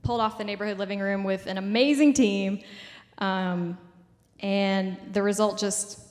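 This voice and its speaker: A woman's voice: medium pitch, steady tone, moderate pace, long reverb tail. A woman in her twenties giving a casual public talk at a community event, full of "like" and "um" fillers. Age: 20s.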